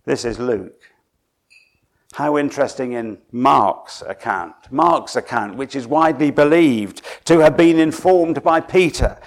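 A man's voice: medium pitch, measured pace. Dramatic preacher, a man from Suffolk. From Suffolk, England. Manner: dramatic storytelling, drops to a hush then rises for emphasis. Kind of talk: sermon.

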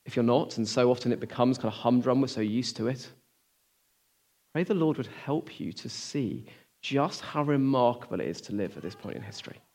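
A man preaching a sermon, earnest and full of rhetorical questions, moving between emphatic lines and hushed, almost whispered ones. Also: mid-range voice, expressive, fairly quick.

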